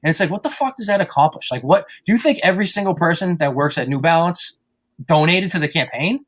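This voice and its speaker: A man's voice: on the high side, lively intonation, fast, fairly bright tone. A man hosting a podcast, ranting and rambling in crude casual chat. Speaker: podcast host.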